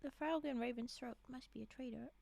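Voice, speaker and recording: Reading holiday stories on a live stream, a woman speaks briskly in a high, slightly mellow voice with a touch of hoarseness from a frog in her throat. She keeps breaking off to giggle and chat with viewers; the recording is dry.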